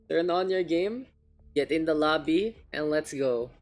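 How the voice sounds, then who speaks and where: A man's voice: a little high, a little slow, soft background music. Laid-back swearing Filipino male caster. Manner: swears casually, switches between English and Filipino. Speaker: caster and stream host. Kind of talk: casual stream chat.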